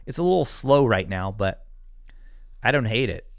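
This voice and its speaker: An American man hosts a live stream in a fairly low, sing-song, creaky voice at normal speed, recorded cleanly in a studio with no room sound. He chats casually, answering viewers' comments and chuckling often.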